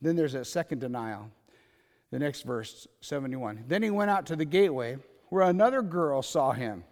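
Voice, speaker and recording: A man preaching a sermon in a conversational way, alternating loud emphatic lines with quiet asides. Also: medium pitch, expressive, moderate pace, in a large hall. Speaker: pastor.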